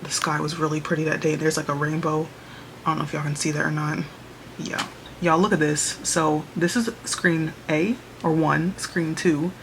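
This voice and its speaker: Her low, fairly bright voice stays level at a normal speed as this young woman vlogs from her small bedroom office. Chatty and upbeat, she says "y'all," and the camera-mic recording has slight background noise with music underneath.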